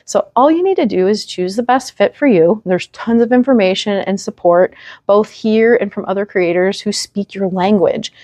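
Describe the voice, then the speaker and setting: Speaking straight to camera, a woman who hosts her own parenting channel offers advice in an earnest, encouraging way. Her voice is mid-range with a darkish tone at normal speed, and there's no room sound.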